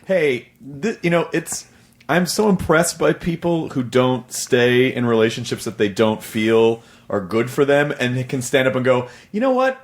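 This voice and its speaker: A man's voice: mid-range voice, normal speed. A man hosting a podcast, talking earnestly and with enthusiasm in casual conversation. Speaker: podcast host.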